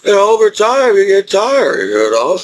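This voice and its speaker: High-voiced rambling man who chuckles. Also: very animated, slow pace, slight background noise, rough recording. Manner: rambling, chuckles often, repeats himself. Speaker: military veteran vlogger. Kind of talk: rambling personal monologue.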